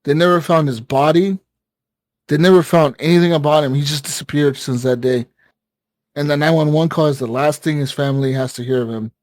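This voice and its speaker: Guy on a gaming podcast, kinda high voice, swears a ton, dry close mic. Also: fairly quick, dry recording. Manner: excitable, profane, many fillers, acts out quoted callers. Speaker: podcast co-host. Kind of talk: casual chat, retelling a story.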